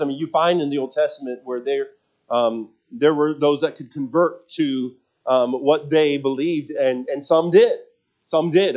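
A man's voice: mid-range voice, darkish tone. A man preaching a sermon, earnest and emphatic, often repeating words as he restarts his thoughts.

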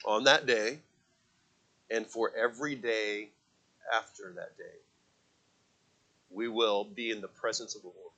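A man preaching a sermon to a congregation, swinging from quiet, conversational stretches to loud, impassioned calls with repeated words. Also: fairly low pitch, steady tone, a little slow, pauses often. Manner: asks the congregation to read aloud with him. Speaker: pastor.

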